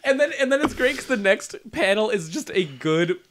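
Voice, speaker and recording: A man co-hosting a casual podcast chat, swearing freely and acting out characters in quick put-on voices as he recaps a story. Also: sits high. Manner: animated, profane, acts out characters in quick voices. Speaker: podcast co-host.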